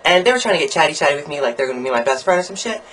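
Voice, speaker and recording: A young man recording a casual video diary, ranting about college in a campy, sarcastic and profane way, swinging his pitch and volume up and down as he jokes. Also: animated, racing, fairly bright tone, slight background noise, rough recording. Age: young adult. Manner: sarcastic, jokey asides. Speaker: college student vlogger.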